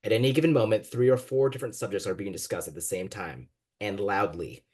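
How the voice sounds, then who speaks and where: A man's voice: fairly low pitch, quick pace, husky. A man, a guest author, reading a passage of his fiction aloud with expression over a video call. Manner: expressive reading with quoted voices.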